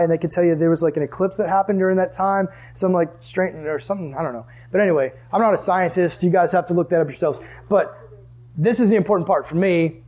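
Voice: medium pitch, a little mellow. A Bible teacher leading a lesson for a group. They talk in a casual, conversational way and ask the listeners questions.

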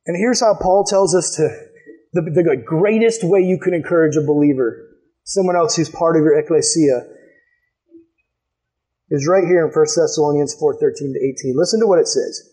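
A male pastor preaching a sermon, telling a personal story with animated, acted-out dialogue before reading scripture. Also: normal speed. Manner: animated storytelling, acts out quotes in a higher voice.

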